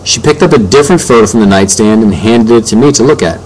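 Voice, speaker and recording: A man narrating a first-person story as an audiobook reader, in plain, steady tones. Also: fairly low pitch, fast, a little hiss or hum, poor audio.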